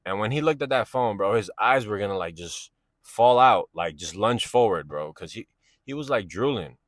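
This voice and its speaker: Guy rambling thru a story time, lotta slang, lowish voice, dry sound. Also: expressive, a little fast, no echo. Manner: slangy, rambling, keeps asking "you know what I'm saying". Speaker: vlogger telling a personal story. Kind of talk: casual storytime monologue.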